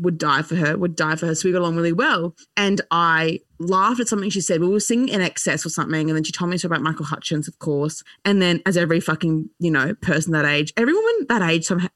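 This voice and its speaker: A woman's voice: fairly low pitch, a bit bright, dry recording. A young woman telling a wild story on a podcast, laughing and swearing as she goes. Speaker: podcast guest. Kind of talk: casual storytelling chat. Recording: dry, slightly distant mic.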